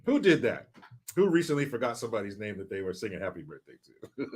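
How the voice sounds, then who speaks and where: A man's voice: on the low side, sing-song, quick pace. A middle-aged man hosting a casual livestream, reading viewer comments in a loose, joking, sometimes profane way. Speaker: livestream host.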